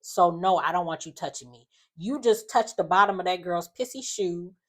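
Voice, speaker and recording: A woman casually recapping a reality show, telling it in an animated, sassy way with slangy asides. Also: lowish voice, moderate pace.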